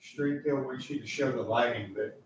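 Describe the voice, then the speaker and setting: A man helping off camera who reads out viewer names in a quiet, low-key way. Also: moderate pace, slight background noise. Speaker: helper off camera. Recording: distant voice in an echoey room.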